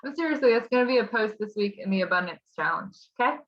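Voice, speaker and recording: A woman's voice: mid-range voice, lively intonation, quick pace, lo-fi sound. A woman co-hosting a group call, chatting in a bubbly, self-mocking way. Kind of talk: casual chat.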